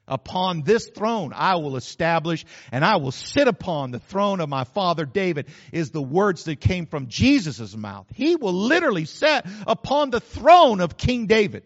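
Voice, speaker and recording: A man's voice: high voice, big pitch swings, a little slow, long reverb tail, dull audio. An older man, preaching a sermon as pastor in an emphatic, repetitive, folksy way. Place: church.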